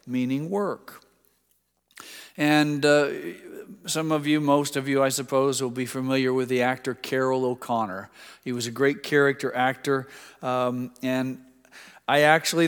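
A man's voice: mid-range voice, smooth. A man preaching a sermon in a church, talking conversationally and mixing in personal asides and stories. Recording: long hall reverb.

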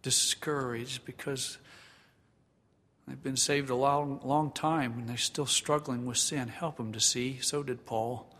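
A pastor preaching a sermon in a church sanctuary, earnest and emphatic, then leading a prayer. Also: male voice, mid-range voice, fairly even intonation, slow, a bit bright, slight background noise. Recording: long reverb of a large hall.

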